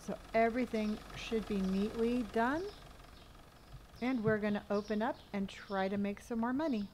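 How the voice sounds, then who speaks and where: A woman's voice: mid-range voice, normal speed, a little mellow, a little hiss or hum. A woman streaming a game live, chatting casually, thanking viewers for gifts, answering chat questions, and humming or counting money under her breath as she plays.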